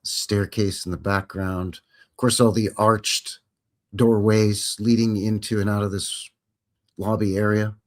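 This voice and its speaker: A man's voice: on the low side, little pitch movement, a little slow. A man hosting a live stream, reading viewer comments aloud and joking casually while commenting on film clips. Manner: jokey, chatty, reads viewer chat aloud.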